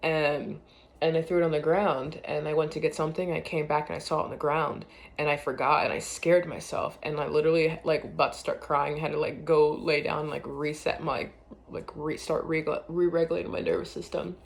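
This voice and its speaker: Woman rambling on her vlog, lots of likes and ums, soft and trailing off, kinda gravelly fry in her voice. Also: deep voice, steady tone, a little fast. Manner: rambling and hesitant, full of "like" and "um" fillers. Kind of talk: casual confessional vlog.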